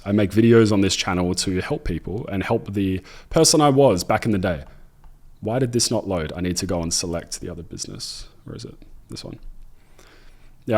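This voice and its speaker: A man's voice: low voice, darkish tone. An upbeat young Australian man with an Australian accent, talking casually to camera about running online businesses, with a jokey, self-deprecating manner. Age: 20s. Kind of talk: casual direct-to-camera talk.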